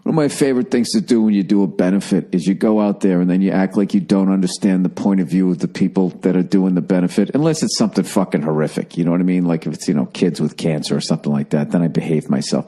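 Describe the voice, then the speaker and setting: Low, hushed profane podcast host. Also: male voice. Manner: profane, rambling, deliberately hushed. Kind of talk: casual solo podcast rant. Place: his home, early morning.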